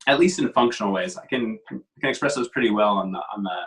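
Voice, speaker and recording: A man talking as a guest in a casual conversation, reflective and measured, with frequent pauses. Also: on the low side, a bit bright, rough recording.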